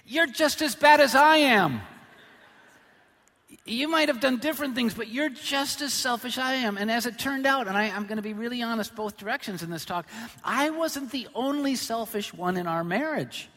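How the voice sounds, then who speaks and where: A middle-aged male pastor preaching a sermon, joking about himself and then hitting points with sudden loud emphasis. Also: extremely high pitch, fairly quick. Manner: humorous, self-deprecating storytelling with sudden loud emphasis. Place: large church hall. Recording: long hall reverb.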